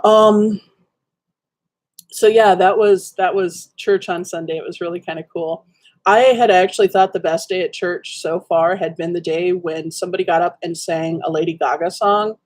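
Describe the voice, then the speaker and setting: A woman's voice: fairly low pitch, fairly even intonation, moderate pace, a little mellow. A woman chatting casually to her viewers in front of a webcam at home, telling a rambling story padded with lots of ums and likes. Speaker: livestream host. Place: dim room at home.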